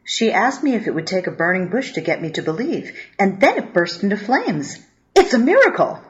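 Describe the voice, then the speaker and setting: A woman's voice: mid-range voice, big pitch swings, brisk, pitched above the performer's own voice, close to an everyday voice. Woman doing an earnest wide-eyed boyfriend. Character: earnest, easily awed young boyfriend. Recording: dull lo-fi audio.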